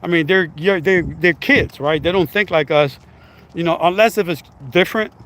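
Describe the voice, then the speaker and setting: A man's voice: on the high side, normal speed, a bit bright. A man talking bluntly in a casual vlog commentary, rambling and swearing freely. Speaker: vlogger.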